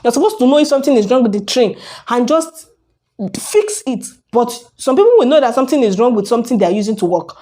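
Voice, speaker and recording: A woman's voice: a little high, lively intonation, racing, warm tone. A young woman ranting to camera in a casual vlog, arguing her point with a stream of rhetorical questions. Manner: argumentative, fires rhetorical questions. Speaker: vlogger. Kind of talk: casual opinion rant to camera.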